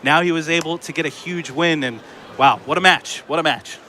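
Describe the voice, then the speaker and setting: A man calling a live college wrestling show play-by-play on a headset, excitable and joking, correcting himself as he goes. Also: fairly high pitch, a little fast, slight background noise. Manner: excitable, jokey, self-correcting. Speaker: play-by-play commentator. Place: college student center wrestling event.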